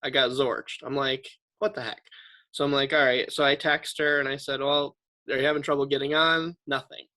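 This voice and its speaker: A man's voice: medium pitch, flat delivery, a little fast, bright, forceful tone, low-quality recording. A man, an insurance agent, telling a blunt story about a client in a casual team meeting on a video call. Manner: blunt, storytelling with quoted texts.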